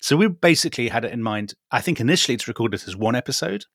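A middle-aged man co-hosting a podcast, chatting in a measured, wry way and thinking aloud with pauses. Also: medium pitch, expressive, creaky, a bit bright, slightly rough, no echo, studio quality. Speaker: podcast co-host. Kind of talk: casual chat.

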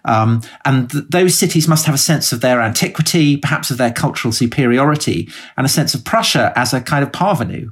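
Brief: male co-host, husky voice, brisk links into questions. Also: mid-range voice. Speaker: podcast co-host. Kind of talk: podcast hosting.

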